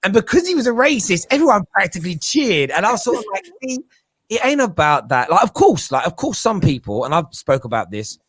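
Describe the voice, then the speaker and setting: A man chatting casually as a football podcast pundit, animated and joking, slipping into mimicking voices. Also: sits high, a little fast, slightly rough, no echo.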